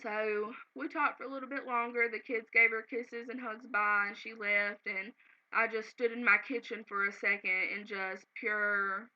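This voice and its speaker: A woman talks straight to her camera at home, earnest and at times close to tears as she tells her story. Her voice sits a little high. The sound is somewhat dull and lo-fi, like a basic home video. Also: fairly even intonation, normal speed, bright, forceful tone. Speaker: vlogger. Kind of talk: casual emotional storytelling to camera.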